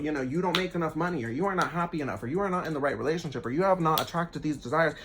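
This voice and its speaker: A young man giving an emphatic motivational talk to camera, swearing casually and turning animated when he acts out what people say. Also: on the high side, breathy edge. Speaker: self-help vlogger.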